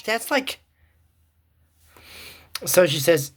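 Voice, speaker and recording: A woman's voice: low voice, lively intonation, takes it slowly, pauses often. Rambling, sarcastic woman recapping a cartoon. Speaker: cartoon episode reviewer. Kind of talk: casual episode recap commentary.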